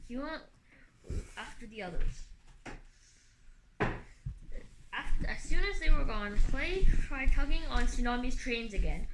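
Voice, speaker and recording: A woman's voice: fairly high pitch, animated, takes it slowly, long pauses. A woman reading a fantasy novel aloud expressively, with occasional slips and restarts. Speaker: audiobook reader. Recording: echoey room, faint hum.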